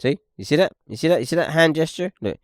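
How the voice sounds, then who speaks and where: A man's voice: fairly high pitch, expressive, fast talker, no echo, studio quality. A young man hosting a podcast, ranting and swearing as he comments on video clips, repeating "look" and "okay". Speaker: podcast host.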